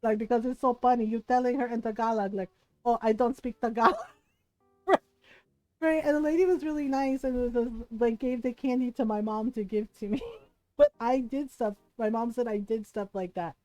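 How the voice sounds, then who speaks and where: A woman's voice: on the high side, normal speed, no room sound, rough recording. Chatty woman from the Philippines. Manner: animated, laughs often, acts out quoted voices. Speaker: streamer. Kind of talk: casual storytelling to a live stream.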